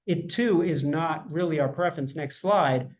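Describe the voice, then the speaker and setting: A man presenting an architecture project at a public design review, talking fast and earnestly with many restarts. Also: fairly high pitch. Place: remote public meeting.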